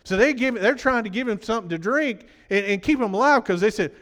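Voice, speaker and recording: A man's voice: high voice, quick pace, fairly bright tone, in a large hall. A man preaching a sermon, talking conversationally and quizzing the congregation, his voice worn from preaching.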